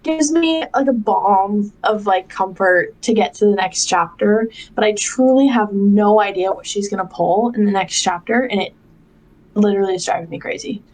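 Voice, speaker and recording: A woman's voice: medium pitch, normal speed, darkish tone, poor audio. A young adult woman co-hosting a podcast, rambling in casual chat with lots of fillers. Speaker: podcast co-host.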